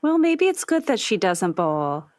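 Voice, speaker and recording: A woman co-hosting a movie podcast, chatting casually and quick to agree and encourage. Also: mid-range voice, very animated, darkish tone, no echo, studio quality. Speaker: podcast co-host.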